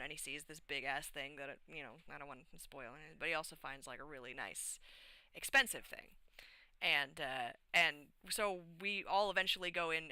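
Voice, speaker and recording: Bright-voiced woman rambling through a story. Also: deep voice, clear, resonant tone, dry recording. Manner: animated, rambling, many fillers. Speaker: streamer. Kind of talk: casual storytelling of a tabletop game session. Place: home streaming setup.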